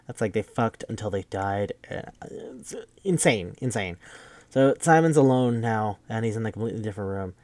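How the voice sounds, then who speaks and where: A man's voice: fairly low pitch, a little fast, a little mellow, no echo. A man casually recapping a film plot on a podcast, rambling and profane, with lots of filler words. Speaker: podcast host.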